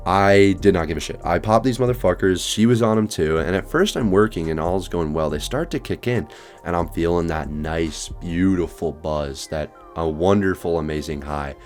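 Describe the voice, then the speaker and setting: A young man telling a personal story to his vlog audience in a casual, slangy, profane way, full of asides and quick jokes. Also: deep voice, darkish tone.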